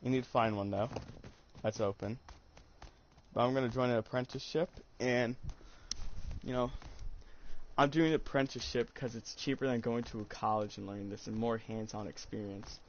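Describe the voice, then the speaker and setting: A man's voice: medium pitch, normal speed, pauses often. A teenage boy chatting while he plays an online game, rambling and joking with lots of fillers, on a headset mic. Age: teens. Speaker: gamer and streamer. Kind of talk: casual gaming chat. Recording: dull lo-fi sound, faint noise.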